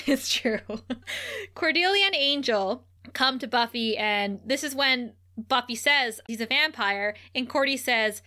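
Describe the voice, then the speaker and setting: A woman's voice: a little high, measured pace, bright, forceful tone. A woman co-hosting a podcast, recapping an episode in casual chat and laughing often. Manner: giggly and chatty, laughs often. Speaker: podcast co-host.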